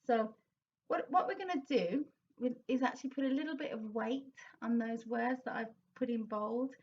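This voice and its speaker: During a singing lesson, a vocal coach with a high voice speaks at a moderate pace, explaining warmly and slipping into sung example lines. The mic picks her up from a little way off, leaving the sound a bit dull.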